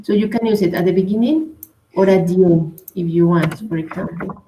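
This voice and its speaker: A woman's voice: on the low side, brisk, warm tone. Patient woman teacher in an echoey room. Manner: patient, explains step by step with frequent "right?" and "okay?". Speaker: English teacher. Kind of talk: online class explanation. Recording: echoey room, faint noise.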